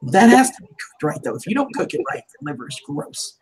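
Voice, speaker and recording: A woman's voice: sits low, very animated, a little fast, a little mellow, breathy edge, rough recording. A woman hosting a livestream, chatting casually and laughing often, her voice starting to tire. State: voice tiring. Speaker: livestream host. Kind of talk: casual chat.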